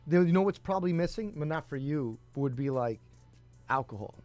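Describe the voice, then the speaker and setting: Guy cohosting a chill talk show, kinda high voice, laughs a lot and swears, faint music behind. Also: expressive, a little fast, darkish tone. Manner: storytelling, laughs often, swears. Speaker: podcast co-host. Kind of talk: casual chat.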